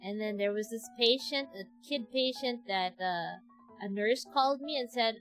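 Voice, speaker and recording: A woman's voice: on the high side, moderate pace, a bit bright, soft background music, poor audio. A young woman, a doctor chatting casually on stream and rambling through a story with many restarts.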